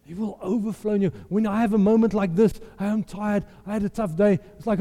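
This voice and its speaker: Impassioned preacher, echoing hall. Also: male voice, high voice, steady tone, a little fast, hardly any pauses, dark tone. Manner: impassioned, emphatic, repeats phrases. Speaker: pastor. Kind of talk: sermon. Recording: long hall reverb.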